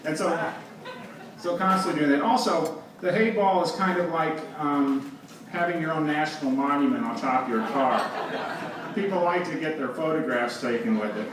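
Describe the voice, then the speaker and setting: Guy telling funny road stories on stage, kinda high voice, big echoey hall from far off, noisy. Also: moderate pace. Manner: wry, laughing between anecdotes. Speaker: presenter. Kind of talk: storytelling talk on stage. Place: live event hall with audience. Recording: roomy, distant, with background noise.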